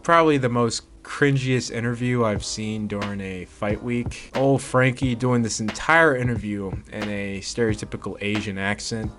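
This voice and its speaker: A man narrating a boxing video in a relaxed, conversational voice-over. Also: fairly low pitch, normal speed, hardly any pauses. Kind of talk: casual voice-over commentary.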